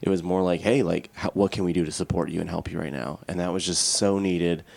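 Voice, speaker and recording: A man's voice: deep voice, steady tone, quick pace, vocal fry, a little mellow. A man co-hosting a podcast, telling a personal story in a candid, rambling way. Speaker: podcast co-host. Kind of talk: casual podcast chat.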